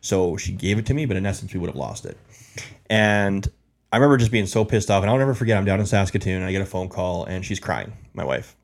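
A man's voice: deep voice, animated, fast talker, creaky. A man telling his life story as an interview guest, rambling with lots of fillers and repeats.

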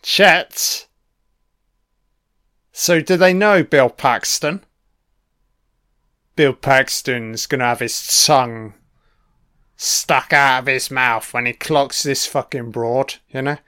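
Slow-talking, clear-voiced man commentating. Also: medium pitch, pushed and bright, no room sound, clean studio sound. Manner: crude, swearing, chatty asides to listener. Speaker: film commentator. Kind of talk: casual solo film commentary.

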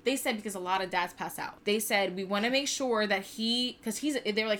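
A woman's voice: mid-range voice, a little fast, hardly any pauses, a bit bright. A woman in her twenties telling a personal story in casual chat, candid and profane with lots of "like". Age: 20s. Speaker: podcast co-host.

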